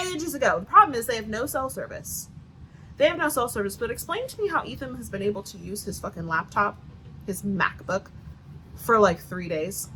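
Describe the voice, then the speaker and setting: A woman's voice: mid-range voice, sharp tone, slight background noise, poor audio. A woman with a Southern US accent giving a sarcastic, profanity-filled book review rant with lots of "like" fillers. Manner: sarcastic, swears a lot, many "like" fillers.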